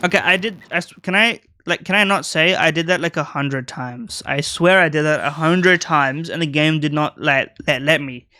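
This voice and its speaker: A man's voice: a little high, moderate pace, hardly any pauses, sharp tone, no room sound. A man casually commenting while playing a video game, reading the game's text aloud and swearing offhandedly.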